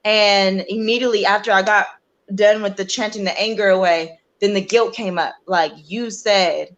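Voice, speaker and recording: Woman guest telling her story, earnest and emotional, lots of "like", mid-pitched voice, acts out the quotes. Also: fairly even intonation, normal speed, lo-fi sound. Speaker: interview guest, bereaved mother. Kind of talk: personal story in conversation.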